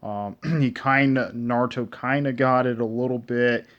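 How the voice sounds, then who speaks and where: Casual male reviewer, rambling recap, keeps clearing his throat, dull lo-fi sound. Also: mid-range voice, fairly even intonation, normal speed. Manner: rambling, frequent throat clearing, heavy fillers and cursing. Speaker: anime reviewer. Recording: dull lo-fi recording.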